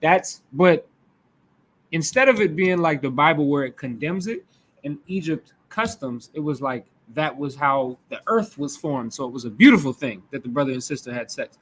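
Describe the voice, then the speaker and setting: A man with a slightly high voice and a Midwestern American accent leads a sermon as a conversational teaching. He speaks loosely and informally, checks in with his listeners as he goes, and often restarts his thoughts mid-sentence. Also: fairly bright tone. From United States. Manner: loose and informal, talks back and forth with the congregation, frequent restarts. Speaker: preacher.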